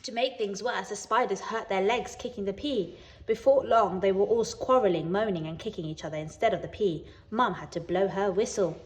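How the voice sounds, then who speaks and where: A woman with a British accent reading a children's picture book aloud as a teacher, expressive and lively. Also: mid-range voice, moderate pace. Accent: British English. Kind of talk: children's story read-aloud.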